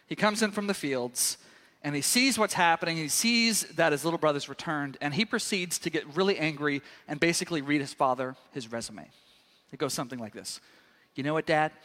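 A man preaching with a high, bright voice. He tells the story with animation, jumping into the characters with sudden loud outbursts. His voice carries through a large hall with a long, echoing reverb. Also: fairly quick. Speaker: pastor. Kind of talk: sermon.

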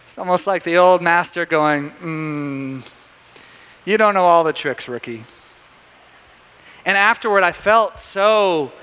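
A high-pitched male preacher with a bright, forward voice. He tells his story animatedly and often restarts his sentences. The sound rings with the long reverb of a church hall. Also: smooth. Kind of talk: sermon.

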